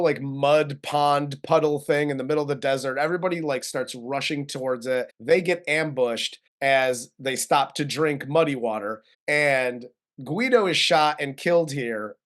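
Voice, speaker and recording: A man co-hosts a casual movie review, recapping the plot in a loose, chatty way with frequent laughs. His voice sits a bit on the high side. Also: measured pace. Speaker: co-host film reviewer.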